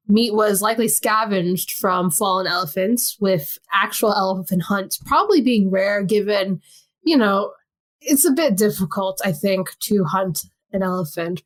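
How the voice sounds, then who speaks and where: A woman from the United States co-hosting an archaeology podcast, explaining in a casual, chatty way with frequent laughs and fillers. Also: mid-range voice. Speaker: podcast co-host. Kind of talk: casual educational chat.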